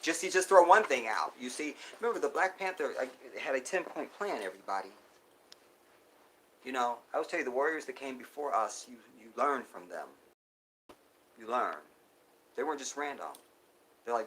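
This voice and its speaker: A man's voice: mid-range voice, very animated, normal speed, long pauses, a little hiss or hum. Preachy man talking to his viewers. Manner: preachy, addresses viewers as y'all; swings from loud outbursts to near whispers. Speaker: livestream host. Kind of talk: live streamed commentary.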